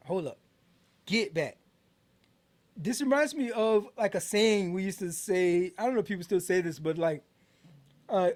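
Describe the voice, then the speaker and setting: A man's voice: high-pitched, moderate pace. A middle-aged American man hosting a casual album review podcast, talking in a loose, rambling way with many fillers and restarts. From United States. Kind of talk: casual music review talk.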